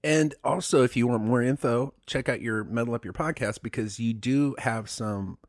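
A man's voice: mid-range voice, normal speed, no echo. A man co-hosting a podcast, chatting casually with dry, teasing banter. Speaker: podcast co-host. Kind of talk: casual conversational podcast chat.

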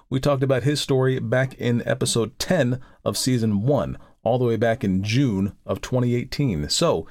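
A man from the United States hosting a podcast, chatting casually and then reading a classic story in a measured voice. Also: medium pitch, a little mellow, no echo, studio quality. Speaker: podcast host and narrator.

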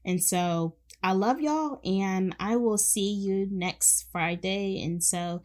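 A woman's voice: medium pitch, slow pace, a little mellow. A young woman hosting a faith podcast, speaking fervently and affectionately, repeating phrases for emphasis and calling her listeners honey and baby. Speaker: podcast host.

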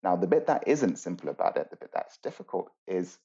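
As a guest on a podcast, a male mindfulness teacher talks with a low, mellow voice that is sing-song and slightly rough. His explanations are earnest and thoughtful, with pauses and restarts as he thinks aloud, and the recording sounds a little dull and muffled.

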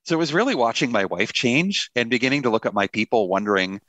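A man's voice: medium pitch, very animated, fast talker, fairly bright tone, no echo, muffled recording. A middle-aged man, a pastor and author, talking earnestly in a conversational interview with a touch of self-deprecating humor.

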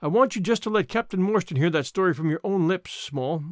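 Casting: a man as a calculating army major, cool and clipped, bright high voice. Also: lively intonation, brisk, no echo, clean studio sound. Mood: guarded. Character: scheming army major, greedy and guarded. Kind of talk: audiobook character reading.

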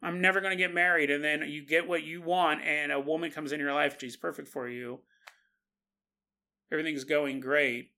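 A man hosting a solo podcast, telling a story in an animated way and laughing as he acts out quotes. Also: a little high, moderate pace, creaky. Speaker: podcast host. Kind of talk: casual solo podcast monologue.

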